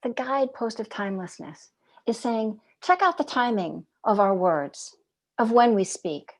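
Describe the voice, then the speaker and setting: A meditation teacher with a fairly high-pitched voice offers a reflective dharma talk. She speaks gently and at a measured pace, posing rhetorical questions and letting some phrases fall almost to a whisper.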